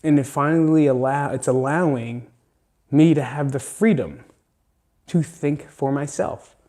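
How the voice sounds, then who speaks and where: In a slightly high, mellow voice and at an unhurried pace, a podcast host talks on his own. The monologue is emotional, earnest and emphatic, with frequent swearing and a voice on the verge of tears.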